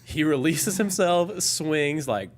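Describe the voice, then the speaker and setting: A man's voice: fairly high pitch, takes it slowly, a little hiss or hum. A young man in his twenties, a podcast guest, telling a casual story full of "like" and fillers. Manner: animated, filler-heavy storytelling with lots of "like".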